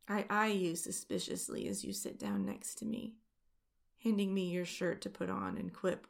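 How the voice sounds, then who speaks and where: A woman telling an intimate first-person story as whispered role-play, in a soft, hushed voice. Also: lowish voice, animated, moderate pace, gravelly.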